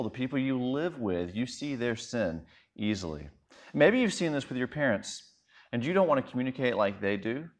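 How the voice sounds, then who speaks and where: A man in his thirties, a pastor preaching a sermon in a conversational, self-deprecating storytelling way. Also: medium pitch.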